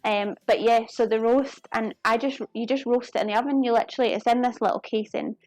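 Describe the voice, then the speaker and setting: A woman's voice: a little high, steady tone, darkish tone, no echo, soft background music. A young woman with a Glasgow Scottish accent chatting casually to viewers while she cooks on a live stream, friendly and often apologetic. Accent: Glaswegian Scottish. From Scotland. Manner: chatty, apologetic, quick to laugh.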